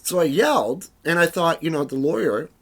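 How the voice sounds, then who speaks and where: A man giving a rambling, disjointed monologue, dropping to mumbles and then rising into loud, agitated bursts. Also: on the high side, lively intonation, normal speed, slightly rough. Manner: rambling and disjointed, full of "you know" and "right?" tags.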